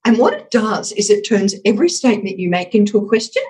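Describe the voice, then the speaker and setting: A woman's voice: medium pitch, big pitch swings, quick pace, darkish tone, poor audio. A woman, a communications expert, explaining with emphasis in a podcast interview and acting out voice examples as she talks. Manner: emphatic, demonstrative, acts out voice examples.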